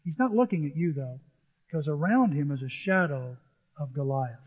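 Over a thin, lo-fi phone-line sound, a middle-aged male pastor preaches at normal speed in a highish, animated voice. He is earnest and emphatic, repeating himself as he goes.

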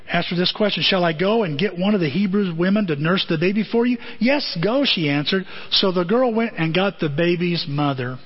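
A middle-aged male pastor preaching a sermon in a conversational way, with many rhetorical questions. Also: on the high side. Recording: dull lo-fi audio.

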